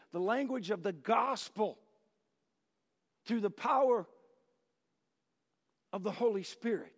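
A man preaching a sermon as pastor, talking to the congregation in a conversational, animated way and acting out quotes. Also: sits high. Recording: echoey hall, dull lo-fi sound.

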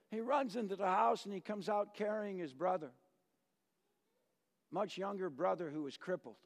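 A male pastor delivering a sermon with storytelling, swinging between loud emphasis and near-whispers, in a church sanctuary. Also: high-pitched, normal speed, vocal fry. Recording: long reverb of a large church hall.

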